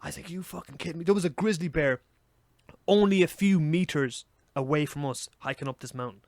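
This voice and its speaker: Irish male podcast co-host, young, quick and animated, higher-pitched, swears a lot. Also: no echo, studio quality. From Ireland. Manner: animated, swears freely, rapid. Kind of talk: casual storytelling chat.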